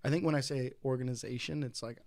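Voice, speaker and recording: Male podcast guest, mid pitch, gravelly, dry close sound, loose rambling delivery. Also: steady tone, quick pace, darkish tone, no room sound. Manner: rambling, laughs often, restarts. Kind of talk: casual chat.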